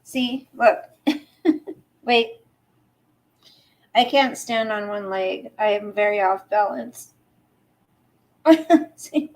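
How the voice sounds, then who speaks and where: A woman's voice: medium pitch, extremely slow, pauses often, a little mellow. A woman hosting a casual livestream from home at night, chatty and apologetic, cooing at her pet in between. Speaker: livestream host.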